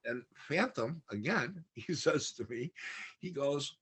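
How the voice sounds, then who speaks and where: A man's voice: fairly high pitch, animated, takes it slowly, fairly bright tone, slightly rough. A middle-aged man telling stories in a casual podcast chat, rambling, laughing often and acting out what others said. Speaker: podcast guest.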